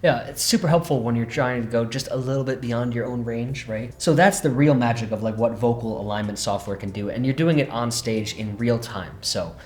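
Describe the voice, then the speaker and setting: A man hosting a relaxed synth demo lesson, often checking in with "right?" as he explains. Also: mid-range voice, fairly quick, hardly any pauses, faint music behind. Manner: relaxed, says "right?" a lot. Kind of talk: casual instructional demo. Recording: roomy echo.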